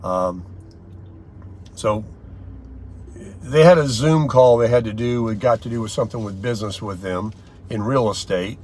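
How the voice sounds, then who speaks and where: A man's voice: fairly low pitch, darkish tone, a little hiss or hum. Older man chatting on a rambling vlog. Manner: rambling, chatty storytelling with frequent pauses and fillers. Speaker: vlogger. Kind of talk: casual daily vlog chat.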